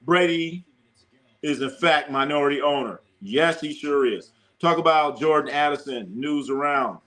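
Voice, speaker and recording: With a fairly high pitch and a slightly slow pace, a male sports show host chats excitedly on a live stream, riffing on viewers' comments and driving points home through repetition.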